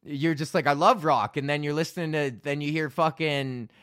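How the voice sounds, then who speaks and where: A man in his thirties hosting a podcast, ranting casually and profanely, telling animated stories with lots of laughs. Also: fairly high pitch, moderate pace, clear, resonant tone, no echo, studio quality. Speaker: podcast host.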